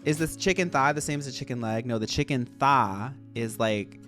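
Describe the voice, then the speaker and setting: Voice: medium pitch, moderate pace, fairly bright tone, soft background music. A streamer chatting casually while playing a game, rambling and playful, jumping from topic to topic. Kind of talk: casual gameplay stream chat.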